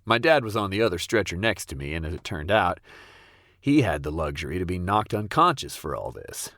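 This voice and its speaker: A young man narrating a comic personal story in a wry, deadpan way. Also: low voice, fairly quick, no room sound, clean studio sound. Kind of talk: comedic first-person storytelling.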